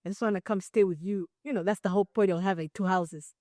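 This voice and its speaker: A young Ugandan woman co-hosting a podcast, telling a family story in a relaxed, frank way that is full of "you know.". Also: mid-range voice, fast, dry recording, clean studio sound. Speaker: podcast co-host. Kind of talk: casual storytelling chat.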